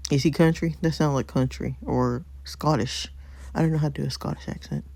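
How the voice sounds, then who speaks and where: A woman's voice: low-pitched, steady tone, a little fast, vocal fry, mellow, no room sound. A woman hosting a casual let's-play, chatty and thinking aloud with frequent ums and laughs. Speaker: gaming channel host.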